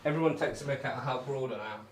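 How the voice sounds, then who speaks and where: A man's voice: medium pitch, fast, heavy background noise. A man with a broad Northamptonshire accent chatting casually to viewers on a darts live stream, laid-back and laughing often. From England.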